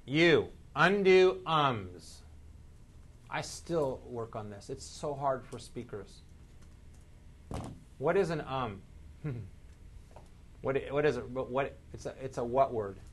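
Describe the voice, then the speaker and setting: A man leading a live sales training seminar, energetic, quizzing the audience and shifting his speed and loudness for emphasis. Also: mid-range voice, measured pace, pauses often, slightly rough.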